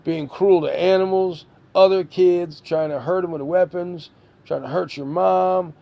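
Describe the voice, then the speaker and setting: Guy with a high gravelly voice chewing out a kid, stern and fed up. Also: steady tone, unhurried, muffled recording. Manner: scolding, exasperated, rhetorical questions. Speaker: stepfather figure scolding a child. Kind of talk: stern lecture to a child.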